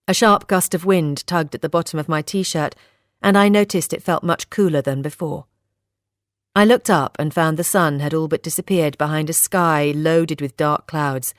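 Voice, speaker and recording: A woman narrating a first-person novel in a measured, steady reading. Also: deep voice, no room sound, clean studio sound. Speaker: audiobook narrator.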